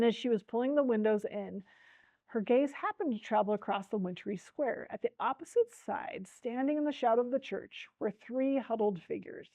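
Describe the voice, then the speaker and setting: Expressive woman reading a story aloud. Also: fairly high pitch, no room sound, lo-fi sound. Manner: expressive storyteller who speaks to listeners directly. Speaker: book talk presenter. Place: library talk.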